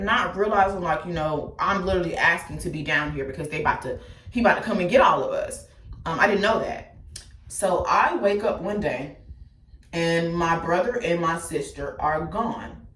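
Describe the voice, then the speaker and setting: A woman telling her life story candidly and bluntly, cursing freely, talking straight to her listeners and swinging between loud outbursts and quiet asides. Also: lowish voice, moderate pace, recorded from a distance. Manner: blunt and profane, addresses listeners directly. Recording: echoey room, speaker set back from the mic.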